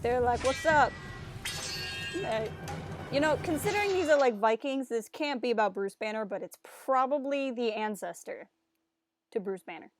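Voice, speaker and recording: Woman streamer with a fairly high voice, casual and jokey gameplay commentary, game music faint underneath. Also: animated, normal speed. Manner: chatty, joking, reads on-screen text aloud.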